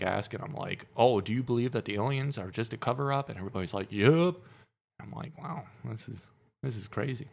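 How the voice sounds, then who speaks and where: Young male co-host, slightly low voice, easygoing rambling storyteller. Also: vocal fry. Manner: relaxed, rambling, many fillers. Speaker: podcast co-host. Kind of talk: casual storytelling chat.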